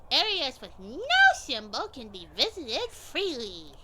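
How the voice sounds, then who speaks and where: A woman streamer reading a game aloud, in an unhurried, lightly amused way. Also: a little high, sing-song, heavy background noise. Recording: game music under voice. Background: game music.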